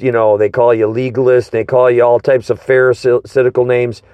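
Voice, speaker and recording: A man leads a casual Bible study, drawing out each point slowly and checking in with his partner through questions. His mid-range voice sits dry and close, with no room sound around it. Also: medium pitch, steady tone, a little mellow, no echo. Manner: slow, emphatic teaching with rhetorical questions. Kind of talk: informal Bible study discussion.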